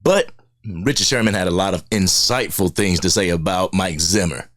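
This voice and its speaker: Deep-voiced man ranting about football. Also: moderate pace. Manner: animated, blunt, slangy. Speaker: sports video host. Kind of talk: casual fan commentary.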